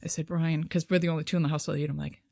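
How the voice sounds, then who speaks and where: A woman, co-hosting a podcast and telling animated, profane stories full of acted-out quotes. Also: low-pitched, rapid-fire, gravelly, dry recording, studio quality. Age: 50s. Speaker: podcast co-host. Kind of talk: casual chat.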